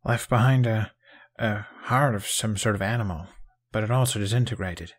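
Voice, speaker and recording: A man voicing a shaken young male viking rider who mutters in a hushed, rattled way. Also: lowish voice, normal speed, close to an everyday voice.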